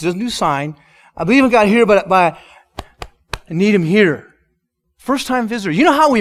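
Pastor, Midwestern man, high-pitched, emotional sermon delivery with sudden hushed moments. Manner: emotional, swings from loud emphatic lines to hushed soft ones. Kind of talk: sermon with a personal testimony.

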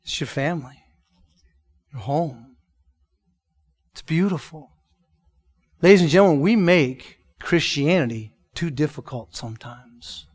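A man preaching a sermon as a pastor, telling a personal testimony and moving between loud emphatic lines and hushed soft ones. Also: fairly high pitch, animated, unhurried, long pauses, husky.

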